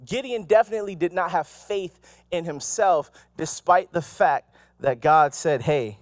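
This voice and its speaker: A male pastor giving an animated, conversational sermon, full of asides and questions to the congregation. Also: high voice, measured pace, dry recording, clean studio sound. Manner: animated, conversational preaching with asides and acted quotes. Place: church.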